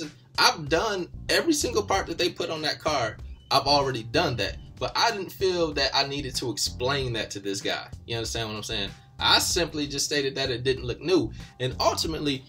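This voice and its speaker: A young man with a mid-range voice, host of his own automotive channel, casually tells a story about a mechanic, growing animated as he retells their argument.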